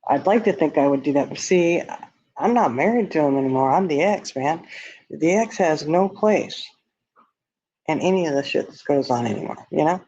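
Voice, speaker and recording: A man's voice: fairly high pitch, animated, moderate pace, darkish tone, a little hiss or hum. Blunt man on a lo-fi stream. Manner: blunt, candid, laughs at own remarks. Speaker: livestream host reading viewer comments. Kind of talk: casual livestream chat. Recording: dull lo-fi stream audio.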